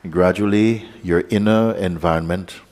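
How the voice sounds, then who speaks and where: Deep-voiced man, spiritual teacher, calm meditative guidance with dry playful asides, long hall reverb. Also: normal speed. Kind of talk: guided meditation talk.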